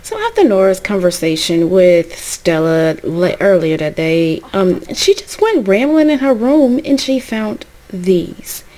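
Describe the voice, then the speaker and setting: A woman's voice: mid-range voice, measured pace, hardly any pauses, warm tone, low-quality recording. A young woman casually narrating a life-sim game story, rambling with repeats.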